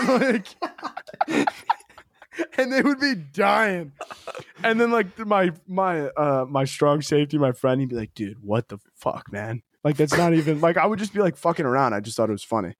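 A man's voice: fairly high pitch, moderate pace, dry recording. Joking young guy, dry close mic. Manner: animated storyteller, joking, swears freely. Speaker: podcast co-host. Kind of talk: casual chat.

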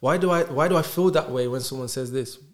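A man, a podcast guest talking in animated casual conversation and stacking rhetorical questions. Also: mid-range voice, fast. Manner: emphatic, rhetorical questions, acts out dialogues.

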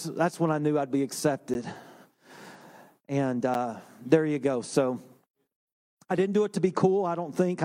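A man, a pastor, preaching a sermon in a relaxed storytelling way with self-deprecating humor. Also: on the high side. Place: church sanctuary.

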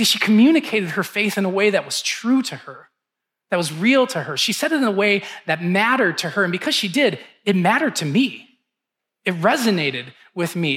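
A male pastor in his thirties preaching in a relaxed, conversational way. His voice sits high and sounds bright. He tells stories and acts out the lines people said. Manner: conversational storytelling, acts out quotes. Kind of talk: sermon.

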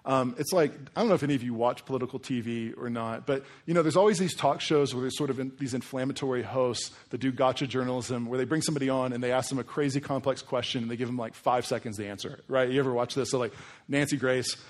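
Man, pastor, sermon, casual conversational preaching, mid-pitched voice. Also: fast. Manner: casual, animated preaching with frequent asides.

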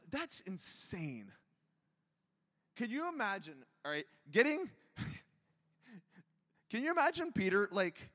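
In a large church auditorium, a pastor with a high, slightly bright voice delivers a conversational sermon to his congregation. He's chatty and self-deprecating, sprinkling in plenty of jokes and asides.

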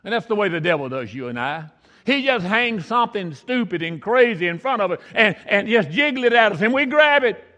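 A male pastor with a notably high voice tells homespun stories from the pulpit, circling back and repeating his points. His voice echoes through a large hall with a long reverb. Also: very animated, a little fast, sharp tone. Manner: homespun, repeats himself for emphasis. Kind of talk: folksy storytelling sermon.

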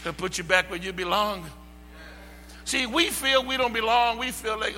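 A man preaches an impassioned sermon in a high, gravelly voice that swells into shouts. His tone is bright and forceful. The hall gives a long reverb, with faint music and hum behind him. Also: steady tone, normal speed. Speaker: pastor.

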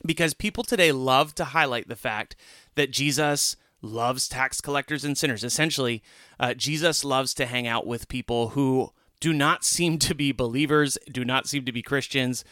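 An earnest man co-hosting a casual Bible discussion, his voice bright and pressing. He sits close to the mic in a dead, dry space and grows animated as he retells the story. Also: medium pitch, normal speed, no echo. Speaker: podcast co-host.

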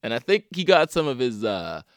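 A man's voice: medium pitch, fairly quick, vocal fry, no echo, studio quality. A man hosting a casual solo podcast, telling wry, swear-laden stories and acting out the voices of people he met. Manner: animated storytelling, acts out quoted voices. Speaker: podcast host; stand-up comedian.

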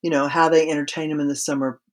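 A woman's voice: low voice, level tone, fast talker. Woman explaining with practical examples. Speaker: writing instructor guest. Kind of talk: podcast interview.

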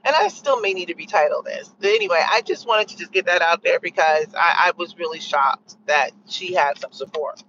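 Woman vlogger, mid-pitch, sarcastic and rambling, muffled lo-fi phone audio with faint road noise. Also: fairly quick, fairly bright tone. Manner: sarcastic, rambling, lots of fillers. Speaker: vlogger sharing opinions. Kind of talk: casual opinion monologue.

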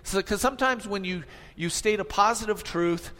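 Emphatic preacher in a reverberant hall. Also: male voice, high-pitched, normal speed, sharp tone. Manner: emphatic, repeats phrases for effect, asks the congregation questions. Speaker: pastor. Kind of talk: sermon.

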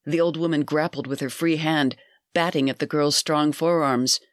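Storyteller, scripted narration, measured delivery, mid pitch, dry close sound. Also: steady tone, no room sound.

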